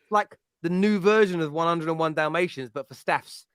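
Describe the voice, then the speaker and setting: A man's voice: on the high side, moderate pace, fairly bright tone, clear, resonant tone, dry recording, studio quality. A man, hosting a casual football chat and telling rambling, jokey stories. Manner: chatty, rambling, jokey storytelling. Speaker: podcast host.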